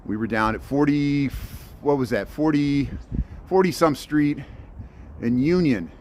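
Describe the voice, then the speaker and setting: A man's voice: a little slow, darkish tone, a little hiss or hum. A middle-aged man, chatting casually as he films a walking tour of a city zoo farm outdoors in winter on a handheld phone. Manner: chatty, rambling, talks to the animals in a high playful voice. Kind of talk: casual walking vlog narration.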